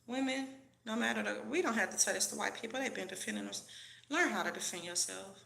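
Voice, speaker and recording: A woman's voice: mid-range voice, fast, vocal fry, bright, forceful tone, echoey room. A woman vlogger delivering a profane, preachy, heated rant straight to her camera. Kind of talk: ranting commentary to camera.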